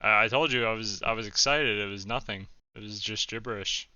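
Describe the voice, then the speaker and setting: A young man giving jokey, excitable commentary while chatting with a chatbot, with sudden loud outbursts. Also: lowish voice, a little fast, highs cut off, crowd noise. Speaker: comedy YouTuber. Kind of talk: casual reaction commentary.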